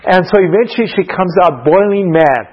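A man's voice: sits high, fairly quick, lo-fi sound. A man teaching a Bible lesson like a sermon, telling stories and asking the audience questions. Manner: animated storytelling, asks the audience questions. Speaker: preacher teaching a class.

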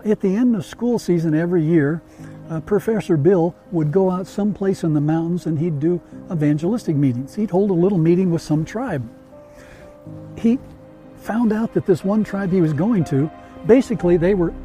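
A man hosting a talk show, telling a story in casual chat with animated, emphatic repetition that builds suspense. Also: high voice. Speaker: radio show host.

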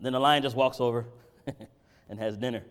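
A man preaching a sermon. He swings between loud, impassioned peaks and low, conversational Bible teaching. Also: fairly even intonation, moderate pace, clear, resonant tone. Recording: reverberant hall.

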